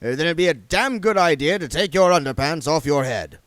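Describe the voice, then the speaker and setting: A blustering, impatient old wizard chief who barks and booms, as a man acts him out. He pushes his voice up and out, loud and forceful, in a dry, close recording. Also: expressive, brisk, no echo. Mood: brusque. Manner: bellowing, indignant.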